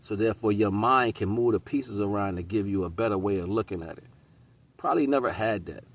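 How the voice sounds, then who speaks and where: A man's voice: lowish voice, a little fast. Preachy man musing in street slang. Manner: preachy, street slang, repeats "you know what I'm saying". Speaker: host. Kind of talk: casual spiritual monologue.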